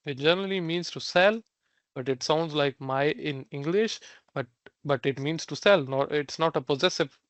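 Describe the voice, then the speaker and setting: A man's voice: on the high side, normal speed, no echo. A young man teaching a language class online, recapping the lesson with many fillers and restarts.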